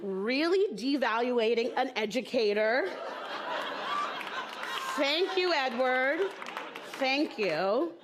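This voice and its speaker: A woman's voice: high-pitched, lively intonation, slow, pauses often, crowd noise, background noise. A woman improvising comic stories on stage, chatty and playful, with frequent "like" fillers. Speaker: improv comedian.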